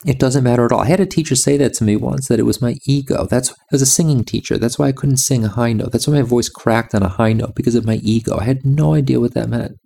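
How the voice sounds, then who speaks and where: A man's voice: mid-range voice, quick pace, gravelly, few pauses, mellow. A man giving a reflective monologue about music and meditation, insistent and repeating his phrases.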